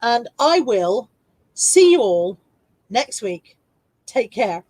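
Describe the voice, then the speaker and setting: A woman's voice: sing-song, slow pace, darkish tone, dry recording, rough recording. Chatty woman hosting a live stream. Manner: chatty, laughing, reads viewer comments aloud; high baby-talk voice to her dog. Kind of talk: casual live-stream chat. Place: home.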